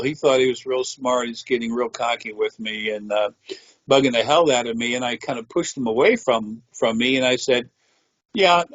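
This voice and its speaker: A man's voice: mid-range voice, no echo, poor audio. A man telling a rambling personal story in a matter-of-fact way, with frequent swearing. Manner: meandering, profane, matter-of-fact. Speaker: interviewee.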